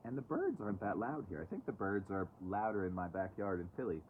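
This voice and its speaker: A chatty man with a lowish voice reads oracle cards on a live stream, dropping sarcastic asides as he goes. He talks outdoors into a phone, and the sound is thin and tinny, like a phone line. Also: sing-song, a little fast, slight background noise. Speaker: oracle card reader. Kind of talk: casual live-stream card reading. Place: outdoors, away from home.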